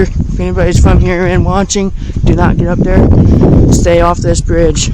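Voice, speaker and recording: High-voiced man vlogging outdoors. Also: heavy background noise. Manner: chatty, easily amazed, talks to viewers directly. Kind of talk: casual walking vlog. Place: outdoors by a river bridge in a small town. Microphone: handheld camera.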